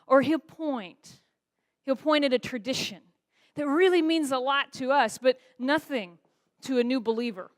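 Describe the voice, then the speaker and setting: A woman's voice: sits high, moderate pace. A woman pastor preaching a sermon in a church, asking the congregation rhetorical questions. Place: church sanctuary.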